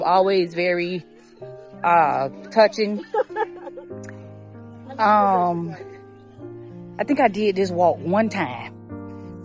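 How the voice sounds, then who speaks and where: Slow, low-voiced woman vlogging on a walk. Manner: chatty and rambling, with many fillers. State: out of breath while walking. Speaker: vlogger filming a live stream. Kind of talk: casual live-stream commentary. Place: outdoor trail at a charity walk event. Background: live music.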